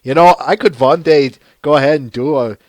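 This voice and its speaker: A man's voice: on the high side, a little fast, no room sound. A man with a Minnesotan accent hosting a casual live-stream podcast, chatty and laughing, often restarting his sentences. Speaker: podcast host.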